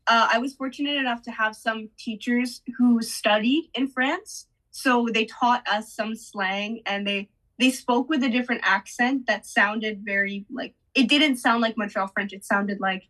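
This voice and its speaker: Friendly young woman interviewer, higher voice. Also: fairly even intonation, unhurried, hardly any pauses, a bit bright, rough recording. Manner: friendly, agreeable, giggly. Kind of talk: casual interview chat.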